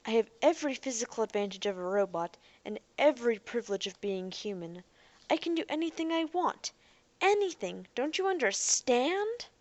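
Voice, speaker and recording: A woman voicing a defensive, boastful young man in a robot body who is quick to shout. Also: mid-range voice, no room sound, lo-fi sound, lightly acted. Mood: agitated.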